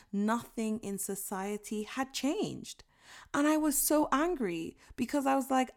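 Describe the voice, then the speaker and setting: A young woman delivers an inspirational speech with earnest emphasis, her voice sitting a little low for a woman. She sounds emotional as she speaks. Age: 20s. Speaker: motivational speaker.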